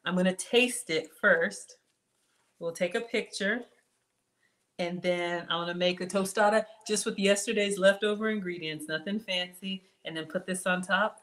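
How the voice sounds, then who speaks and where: A woman with a medium-pitched, slightly bright voice chats through a live cooking stream from her home kitchen. As the cooking channel host, she reads viewers' comments aloud and addresses them by name.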